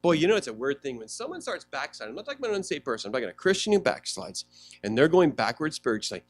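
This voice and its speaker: High-pitched pastor preaching, acts out loud mocking quotes then drops real quiet, dry sound. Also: male voice, no echo. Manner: animated preaching, swings from loud mocking quotes to low hushed asides. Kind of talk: sermon.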